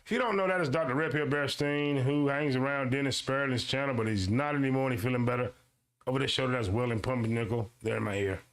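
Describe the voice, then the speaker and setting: Gravelly, animated male streamer. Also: mid-range voice. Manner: animated, swings between slow read-aloud and quick asides; talks back to his audience, repeats lines for emphasis. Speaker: show host. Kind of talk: casual streamed commentary reading a web page aloud.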